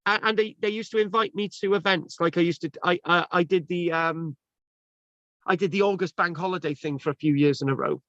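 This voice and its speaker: A man's voice: high-pitched, fairly quick, fairly bright tone, no room sound. A man hosting a casual video call chat, talking in a rambling way with many restarts and fillers. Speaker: presenter. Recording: dull lo-fi video call audio.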